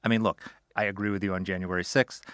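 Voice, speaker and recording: A man's voice: low voice, steady tone, fast talker, fairly bright tone, clear, resonant tone, no echo, studio quality. A man co-hosting a political podcast, teasing and combative in debate. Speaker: podcast co-host.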